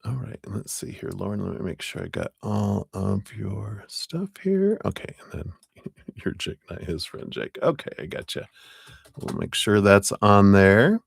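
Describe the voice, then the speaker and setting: Chatty low-voiced man on a live stream. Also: expressive, unhurried, creaky, husky, no echo, clean studio sound. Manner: chatty and upbeat, laughing often between thanks. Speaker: tarot reader hosting a live stream. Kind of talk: casual live-stream shout-outs to viewers.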